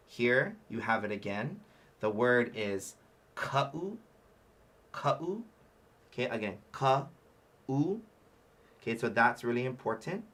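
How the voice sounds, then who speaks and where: Chatty man teaching pronunciation slowly. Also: mid-range voice, a bit bright. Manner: explains patiently, sounds out Hawaiian words syllable by syllable; chatty with frequent fillers and laughter. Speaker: ukulele workshop instructor. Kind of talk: livestream music lesson.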